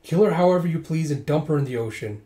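A man's voice: on the high side, lively intonation, fast talker, warm tone, natural voice. A man reading a manga aloud and voicing a scheming, sneering male drug trafficker. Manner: sneering, dismissive.

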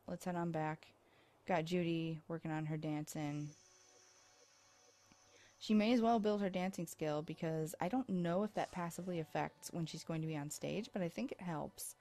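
A low-pitched woman with a mellow, warm tone talks through her game as she plays. She sounds worn out, rambling and joking at her own expense. She records on a USB microphone. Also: moderate pace. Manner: chatty, rambling, self-deprecating. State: tired. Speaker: let's play host. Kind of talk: casual gameplay commentary.

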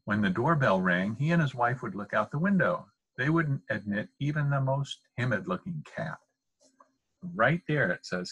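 An older man with a husky voice, reading a picture book aloud as a grandfather. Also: mid-range voice, animated, normal speed, a bit bright, rough recording.

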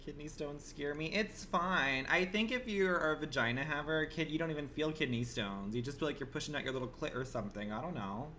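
A man streaming a game live, commenting in a campy, profane way and swinging from low murmurs to shrill outbursts. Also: brisk, hardly any pauses, bright, forceful tone, a little hiss or hum.

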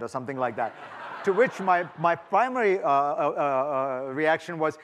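A middle-aged man speaks to a large hall audience at a festival. His voice sits a little high, and his delivery is thoughtful, with frequent restarts and fillers. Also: lively intonation, moderate pace, a bit bright. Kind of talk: festival talk and Q&A.

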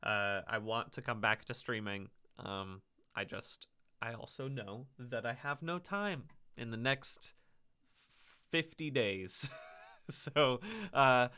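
A man's voice: medium pitch, takes it slowly, bright, forceful tone, smooth. A man streaming from home, chatting casually to his viewers at the end of a stream and often breaking off mid-sentence. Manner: chatty and self-interrupting, mock-outraged. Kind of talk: casual stream sign-off chat.

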